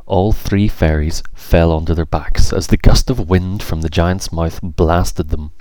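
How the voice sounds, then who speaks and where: A man narrating a children's storybook in an expressive, measured way. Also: sits low, no echo.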